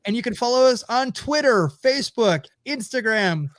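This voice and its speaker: A man's voice: extremely high pitch, lively intonation, moderate pace, a bit bright, dry recording. A man hosting a casual podcast, breezily wrapping up and cracking jokes. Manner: breezy, wisecracking. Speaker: podcast host.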